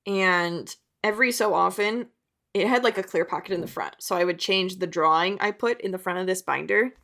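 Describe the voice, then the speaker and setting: This young adult woman, an artist who makes videos, talks briskly in a fairly low, slightly bright voice with vocal fry. It's a casual chat, rambling and chatty, sprinkled with self-mocking asides.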